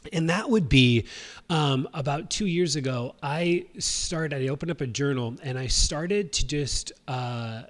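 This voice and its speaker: A man's voice: a little high, measured pace. A man in his thirties hosting a livestream, telling a personal story in a rambling, casual way with many fillers and restarts. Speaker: host.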